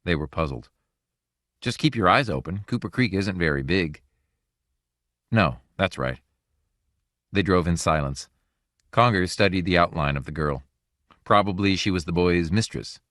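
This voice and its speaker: A man reading a short story aloud in a measured, even audiobook narration. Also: deep voice, no echo, studio quality. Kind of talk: scripted narration.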